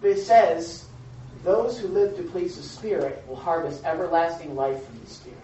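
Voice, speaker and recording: A pastor delivering an animated, emphatic sermon to his congregation, often repeating words as he drives a point home. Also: fairly high pitch, moderate pace, a little hiss or hum. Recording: echoey hall from a distant, dull mic.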